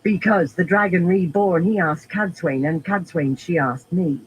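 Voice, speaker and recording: Blunt accented sister with a firm Tarabon lilt, voiced higher by a man reader. Audiobook fantasy role. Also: unhurried, lo-fi sound, slight background noise.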